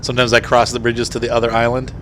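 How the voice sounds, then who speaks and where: A man's voice: mid-range voice, completely flat delivery, fast, a bit bright, slight background noise. A man giving casual commentary while playing a truck game, rambling and chatty as he talks with his small son. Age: adult parent. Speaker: gaming streamer. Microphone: desk microphone.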